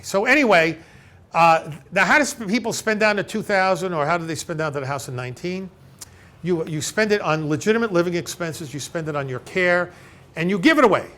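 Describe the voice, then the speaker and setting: A man, an elder law attorney, giving a conversational seminar to a live audience, retelling client conversations and often checking in with "okay?". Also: fairly high pitch. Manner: animated storyteller who acts out both sides of conversations. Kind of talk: conversational seminar talk with retold client dialogues.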